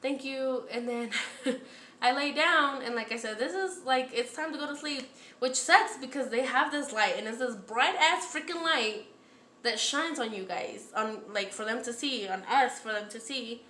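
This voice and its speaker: Woman, storytime vlog, casual and profane, lots of "like", acts out quotes, slightly high voice, echoey room. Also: moderate pace, bright, forceful tone. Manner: chatty and profane, full of "like" and acted-out quotes. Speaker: storytime vlogger.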